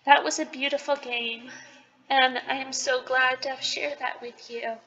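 A woman hosting her gaming channel, talking emotionally and softly as she plays through a story game. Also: high voice, flat delivery, unhurried, muffled recording. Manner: emotional, gushing and soft-spoken. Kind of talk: let's-play commentary.

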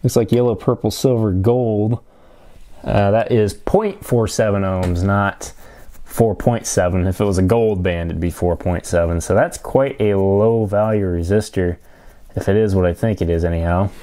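A man casually narrating an electronics teardown, thinking aloud with frequent fillers and pauses. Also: fairly low pitch, warm tone. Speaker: electronics hobbyist vlogger.

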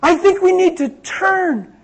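A man doing an earnest young woman, high and sincere. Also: expressive, measured pace, vocal fry, full character voice. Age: young adult.

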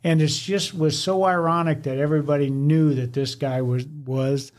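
Animated storytelling male fire captain. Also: on the high side, normal speed. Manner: animated storyteller who acts out quoted dialogue. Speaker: podcast co-host, former fire captain. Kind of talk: casual chat, storytelling.

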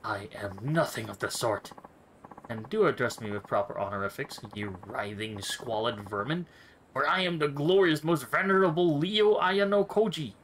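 A man's voice: medium pitch, expressive, moderate pace, a bit bright, a little hiss or hum, natural voice, poor audio. A man doing a haughty self-styled nobleman. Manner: haughty, florid insults. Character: pompous self-styled male nobleman, thirties.

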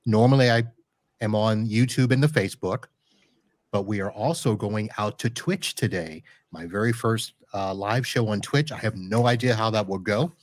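This podcast host has a lowish voice and keeps a moderate pace, with no room sound in the recording. Broadcasting live from his home studio in Florida, he chats easily with a guest, joking around and correcting himself as he goes.

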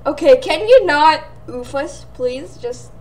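A young woman giving excitable gameplay commentary, often squealing and laughing as she plays. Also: sits high, slow. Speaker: gaming channel host.

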